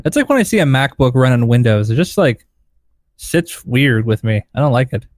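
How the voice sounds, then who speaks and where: Blunt cussing guy hosting a podcast, lively voice, dry mic. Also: medium pitch, moderate pace, dry recording. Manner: blunt, profane. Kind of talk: casual chat.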